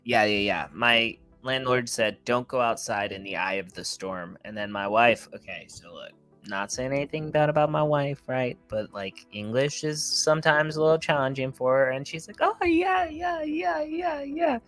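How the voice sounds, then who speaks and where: A man's voice: mid-range voice, normal speed, a bit bright, clean tone, faint music behind. A man co-hosting a casual crypto livestream, rambling and playful as he tells stories. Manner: loose, rambling, playful storytelling. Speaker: crypto show co-host.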